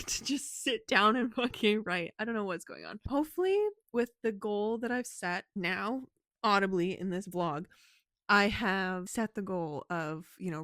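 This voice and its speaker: A woman's voice: mid-range voice, no room sound, clean studio sound. A young woman vlogging in casual chat from her bedroom, rambling and laughing often, sometimes dropping to a whisper. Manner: coos softly in baby talk at her pet. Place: bedroom at home.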